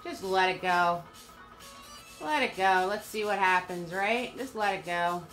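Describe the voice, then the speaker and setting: A woman's voice: lowish voice, measured pace, a bit bright, faint music behind. An older woman giving a live painting lesson, upbeat, chatty and encouraging. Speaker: painting instructor.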